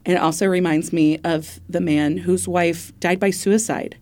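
A podcast co-host talks through a true-crime case in a relaxed, chatty way. This woman has a fairly low voice, laughs easily and drops the odd swear word. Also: moderate pace. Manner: conversational, laughs often, swears casually. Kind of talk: casual true-crime storytelling.

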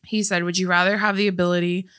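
A woman's voice: on the low side, flat delivery, quick pace, fairly bright tone, clear, resonant tone. A young woman co-hosting a podcast, teasing and dry, reading out listener questions in casual chat. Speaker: podcast co-host.

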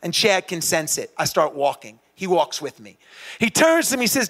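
A man telling a motivational story on stage in a lively, animated way that builds to shouting. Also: high-pitched, moderate pace. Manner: animated, rising to shouts at the climax. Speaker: motivational speaker. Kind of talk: live motivational storytelling talk.

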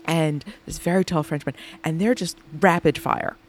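A woman hosting a podcast, telling a lively anecdote about her day, laughing often and acting out the people she quotes. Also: low-pitched, moderate pace, slight background noise. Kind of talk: animated anecdotal storytelling.

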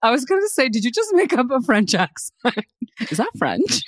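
A woman's voice: a little high, very animated, normal speed, no room sound, clean studio sound. A young woman co-hosting a podcast in casual chat, laughing often and swearing casually. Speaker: podcast co-host.

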